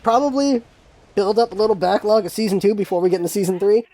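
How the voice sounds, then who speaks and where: A woman's voice: mid-range voice, fast talker, dark tone. A woman talking casually in a solo gaming vlog, blunt and emphatic, repeating phrases to drive her points home. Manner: frank and blunt, with mild swearing. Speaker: gaming vlogger.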